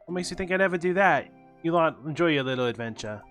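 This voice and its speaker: A man's voice: a little high, lively intonation, quick pace, fairly bright tone, faint music behind. A man reading game dialogue aloud as a scornful, dismissive young male rival student.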